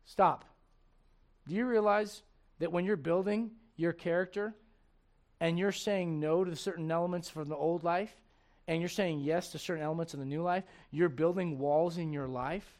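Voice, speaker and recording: High-voiced animated male preacher. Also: moderate pace. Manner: animated preacher, acts out quotes, laughs at own jokes. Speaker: pastor. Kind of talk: sermon.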